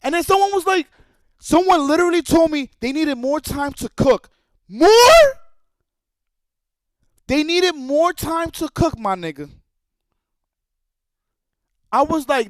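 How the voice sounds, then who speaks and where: A man's voice: extremely high pitch, expressive, a little slow, long pauses, no echo. A man streaming live, ranting in a profane, heated and repetitive way. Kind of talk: livestream rant.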